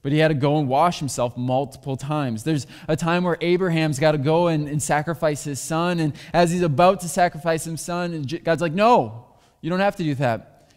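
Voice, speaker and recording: This man's voice sits on the high side with a darkish tone as he preaches as pastor, candid and full of personal anecdotes. Long hall reverb fills the church sanctuary where he speaks.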